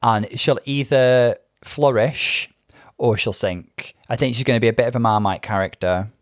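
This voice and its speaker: A man's voice: mid-range voice, normal speed, dry recording, studio quality. A man chatting casually as a co-host, in a reflective, thoughtful and musing way. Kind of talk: casual chat.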